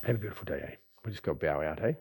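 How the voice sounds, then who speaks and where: A man teaching a qigong class, talking in an easygoing, rambling way with sighs and soft chuckles. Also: a bass voice, lively intonation, rapid-fire, husky. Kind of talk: relaxed spoken class talk. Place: lives in Bali.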